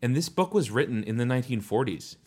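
A man's voice: mid-range voice, animated, quick pace, a little mellow, slightly rough. A man co-hosting a reflective faith discussion, earnest and thoughtful, often searching for words as he talks. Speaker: podcast co-host.

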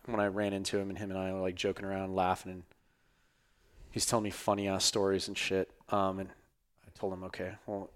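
Low-voiced man losing his voice. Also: monotone, brisk. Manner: loose, rambling, swears casually. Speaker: podcast host. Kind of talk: casual chat.

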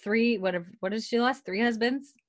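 A woman's voice: a little high, a little fast, dry recording, clean studio sound. A young woman co-hosting a podcast, animatedly retelling a TV episode and acting out the characters' lines, with lots of "like" fillers. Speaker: podcast co-host recapping a TV episode. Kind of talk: casual chat.

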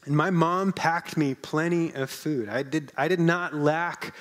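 Man, pastor, sermon, slightly high voice, conversational, joking asides. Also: unhurried, a bit bright. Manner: conversational and humorous, with asides to the congregation.

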